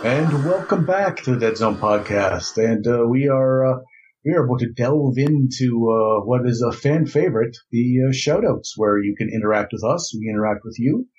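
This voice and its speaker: A man's voice: medium pitch, animated, moderate pace, darkish tone. A man co-hosting a podcast, talking casually with lots of fillers and wry jokes. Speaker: podcast co-host. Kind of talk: casual hobby chat. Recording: slightly dull lo-fi mic.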